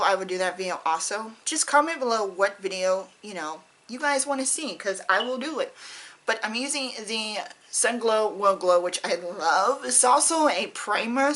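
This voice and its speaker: A woman with a bright, clear voice chats to camera as a beauty vlogger. She rambles in a candid, personal way, addressing her viewers directly and easily. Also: mid-range voice, low-quality recording. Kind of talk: casual chat to camera.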